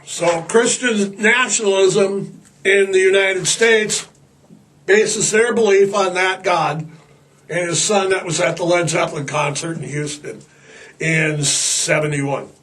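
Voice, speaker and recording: A man's voice: high-pitched, slow, a bit bright. A man hosting a podcast in a rambling, irreverent comic monologue, profane and stammering over fillers. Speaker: podcast host.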